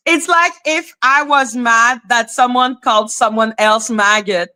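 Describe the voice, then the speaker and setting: Bright high-voiced woman on a live stream. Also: measured pace. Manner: animated, laughing, greets viewers, swears freely. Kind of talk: casual live stream commentary.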